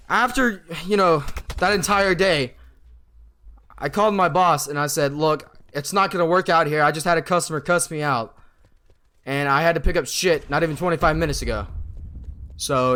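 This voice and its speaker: A man's voice: high voice, a bit bright. A young man telling a story about his job in a casual, profane, exasperated way, acting out the lines of the people he quotes. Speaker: vlogger.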